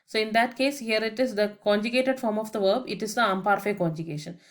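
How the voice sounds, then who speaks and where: Brief: a woman as patient language teacher, grammar voice-over, slow spelling of each word. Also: medium pitch, fairly even intonation. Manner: methodical, spells words out letter by letter; explains each point with English translations. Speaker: French teacher.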